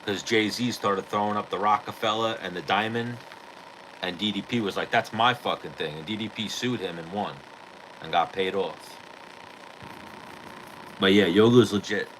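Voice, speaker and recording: A man's voice: on the low side, moderate pace, pauses often, fairly bright tone, slight background noise, rough recording. A man hosting a podcast, telling a story in casual, rambling chat full of swearing and "like". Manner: rambling, profane, heavy on "like". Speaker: podcast host.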